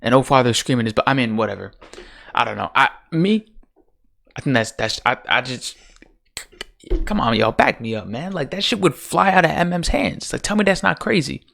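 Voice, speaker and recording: A man's voice: medium pitch, lively intonation, normal speed, gravelly, a bit bright. A man ranting casually about a TV show's finale, profane and exasperated, full of rhetorical questions. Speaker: TV show commentator.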